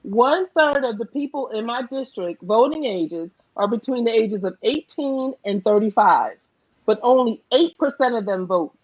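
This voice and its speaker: Earnest woman with a New Jersey accent, a candidate on a panel, a bit high-pitched, slightly muffled line. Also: animated, moderate pace. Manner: earnest, emphatic, says "right?" often. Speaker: political candidate. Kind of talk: online panel conversation.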